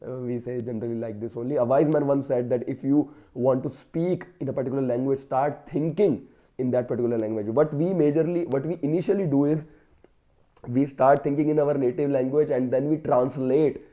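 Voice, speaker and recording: Indian English man vlogging with a cold, hesitant and filler-heavy, mid-pitched, phone-quality audio. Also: fairly quick. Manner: hesitant, many fillers and restarts. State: has a cold. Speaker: vlogger practicing spoken English. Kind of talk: casual solo talk to camera. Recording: tinny phone-like sound.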